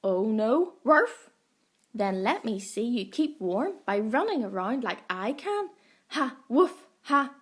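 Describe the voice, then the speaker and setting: A woman's voice: on the high side, sing-song, slow, exaggerated voice. A woman voicing a boastful dog who barks and mocks in a storybook reading. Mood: mocking. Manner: barking, mocking. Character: loud boastful barking dog.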